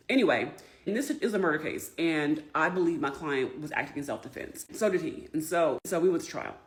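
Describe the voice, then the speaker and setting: A woman defense attorney telling a candid story in a blunt, profane, emphatic way. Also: sits low.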